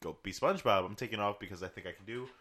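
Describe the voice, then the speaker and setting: A man's voice: fairly low pitch, rapid-fire, crowd noise. A man co-hosting a podcast in casual banter, playful and joking. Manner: playful, jokey, trying silly voices. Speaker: podcast co-host.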